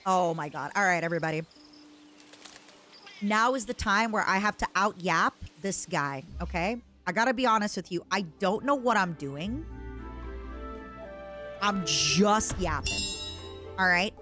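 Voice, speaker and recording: A woman's voice: medium pitch, expressive, unhurried, long pauses, bright, forceful tone, soft background music. A young woman streaming a game, chatting with her viewers in a playful, rambling way. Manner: playful, rambling, talks to chat. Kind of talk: casual live-stream gaming chatter.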